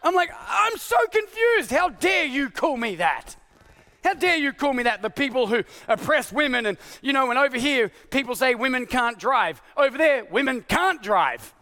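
A male pastor delivers a confessional sermon, his voice very high and bright. He swings from shouted exasperation down to quiet, hushed admissions. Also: animated, moderate pace.

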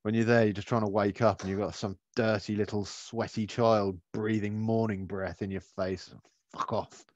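A man's voice: on the low side, little pitch movement, normal speed, darkish tone, no room sound, dull audio. A man co-hosting a podcast in casual chat, laid-back and swearing, laughing often. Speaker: podcast co-host.

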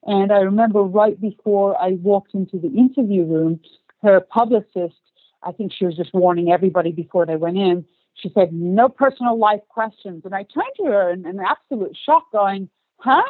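A woman guest actress telling a story in a casual interview, chatty and halting, with many restarts and fillers. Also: mid-range voice, no room sound. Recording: tinny phone-like line, dry.

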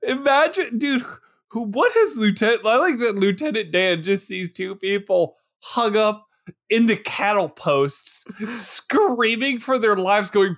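A young man co-hosting a film podcast, animated and profane, riffing on jokes and laughing often. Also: sits high, unhurried. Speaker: podcast co-host. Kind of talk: casual film podcast banter.

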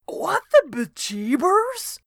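Woman voicing a rookie cop, young man, squeaky, panicky yelling, high. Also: sing-song, slow pace, no echo, studio quality, exaggerated voice. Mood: startled.

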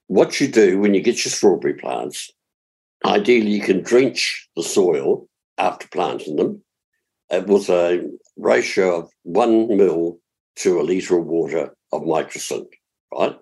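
An older New Zealand man talks through gardening tips in a relaxed, explanatory way, slowing down to spell words out. His voice sits very low and has a husky, slightly rough edge. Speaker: gardening expert. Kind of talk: radio gardening advice chat.

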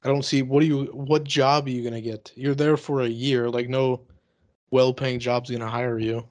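Flat-voiced deadpan man teasing. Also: medium pitch, moderate pace, dry recording. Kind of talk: casual chat.

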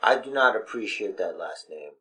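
A man's voice: on the low side, expressive, moderate pace, sharp tone. A man co-hosting a podcast, speaking in a pompous, mock-regal formal way. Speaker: podcast co-host. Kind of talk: casual podcast chat.

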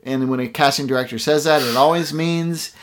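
A man's voice: on the high side, steady tone, brisk. A man, an actor, giving blunt and profane opinions in a casual podcast chat.

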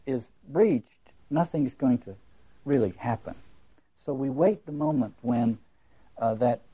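A man lecturing with a warm, relaxed tone and a husky edge. He muses aloud, circles back over his words and keeps asking rhetorical questions. His pitch sits in an ordinary middle range. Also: muffled recording. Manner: emphatic, musing, repeats words and poses rhetorical questions. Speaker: lecturer on literature and religion.

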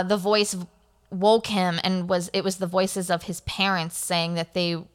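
Bright, clear-voiced woman podcast host. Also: medium pitch. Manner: rambling, many fillers and self-corrections. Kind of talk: casual storytelling chat.

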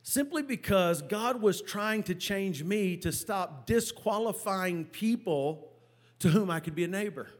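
A man preaching a sermon as a pastor, telling a story with animated, halting delivery and stammered repeats. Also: high-pitched.

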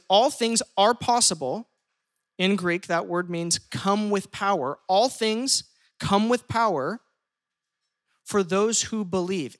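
A pastor preaching a lively sermon, shifting pace often and acting out quoted speech. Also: mid-range voice.

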